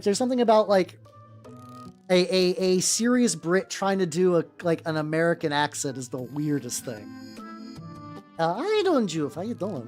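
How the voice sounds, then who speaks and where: A woman streamer chatting casually as she paints miniatures, rambling and blunt, full of fillers and swearing, pausing to greet her chat viewers. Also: mid-range voice, a little mellow. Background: faint background music.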